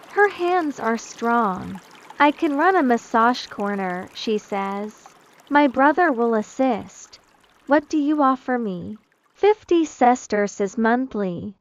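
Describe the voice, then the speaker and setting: A woman narrates a scripted bedtime story in a calm, unhurried way, speaking very slowly. Her voice sits a little high. A faint hiss of noise runs under the recording. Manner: slow, calm, second-person storytelling.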